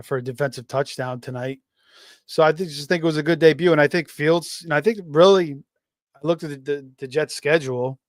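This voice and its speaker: A man with a mid-range voice hosts a live fantasy football stream, reading chat messages aloud in a casual way full of fillers and restarts. The studio recording is clean, with no room sound.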